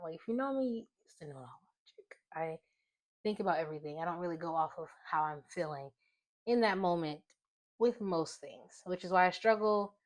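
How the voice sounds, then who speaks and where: A woman in her twenties hosting a casual opinion vlog, talking in an animated, rambling way and breaking into exclamations. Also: fairly low pitch. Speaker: vlog host.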